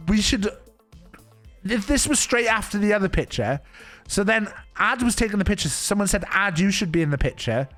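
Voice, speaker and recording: A man's voice: sits high, fairly bright tone. A male streamer telling rambling anecdotes in casual chat, laughing and breaking off his own sentences.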